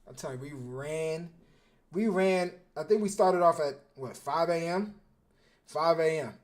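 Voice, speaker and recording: A young man, a football coach and former defensive back, talking casually on a livestream, animated and slangy, often repeating his words. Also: on the high side, measured pace. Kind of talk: casual livestream film breakdown.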